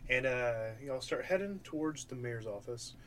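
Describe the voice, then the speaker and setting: A man narrating a tabletop game as game master, with a relaxed, filler-heavy delivery. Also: mid-range voice, normal speed.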